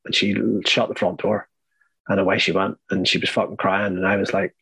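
A young Irish man with a low, husky voice tells his own story in an interview. He speaks earnestly and haltingly, restarting his sentences often. The sound is dry and close to the mic. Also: little pitch movement, fairly bright tone, no echo, low-quality recording. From Ireland. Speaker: guest.

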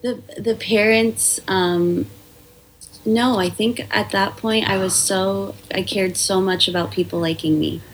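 A woman's voice: medium pitch, fairly even intonation, measured pace, slight background noise, rough recording. A woman comedian, a podcast guest, telling stories in a chatty way with lots of fillers and restarts. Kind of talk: casual podcast conversation.

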